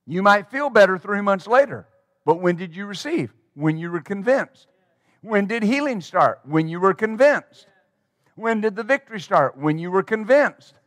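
A man's voice: sits high, lively intonation, normal speed, a bit bright, no room sound, clean studio sound. A man preaching a sermon as pastor, emphatic and rhythmic, drawing call-and-response from his congregation.

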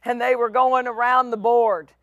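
A middle-aged woman pastor preaching a sermon, with emphatic, drawn-out phrases and voices for the people in her stories. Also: a little high, flat delivery, no echo, muffled recording.

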